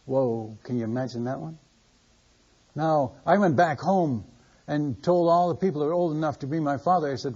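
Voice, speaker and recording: Older man, missionary preacher, folksy storytelling sermon, husky voice, muffled lo-fi recording. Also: on the high side, normal speed, darkish tone. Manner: folksy, conversational, chuckling storyteller.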